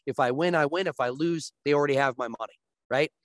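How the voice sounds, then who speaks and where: A man's voice: on the high side, fast talker, dry recording. A man as a guest, explaining sports betting in casual chat with long, restarting sentences.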